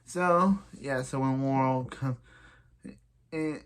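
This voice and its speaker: A man's voice: mid-range voice, slow, a bit bright, clean tone. Rambling man recapping a TV episode. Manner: rambling, many restarts and "yeah, so" fillers. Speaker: TV episode reviewer.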